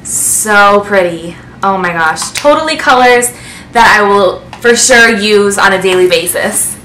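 A woman in a casual beauty vlog, unboxing gifts to camera and gushing with excitement. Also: mid-range voice, measured pace, slight background noise. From United States. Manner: gushing, excitable, breathless with delight. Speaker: beauty vlogger. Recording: echoey room.

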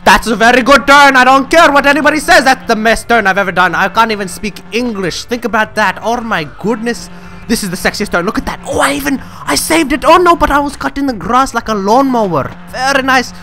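A young man giving jokey, boastful gameplay commentary, swinging from mumbled asides to yelling. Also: extremely high pitch, normal speed. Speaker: gaming channel host. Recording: game music loud behind the voice. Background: loud game music and car engine sounds.

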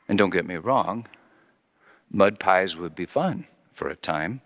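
A man's voice: fairly low pitch, fairly bright tone, in a large hall. A middle-aged male pastor preaching a sermon as a story, acting out his children's voices.

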